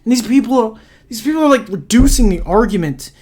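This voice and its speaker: A woman's voice: a little high, expressive, quick pace, darkish tone. A woman hosting a reaction commentary channel, ranting crudely and sarcastically with a stream of insults. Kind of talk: profane reaction rant.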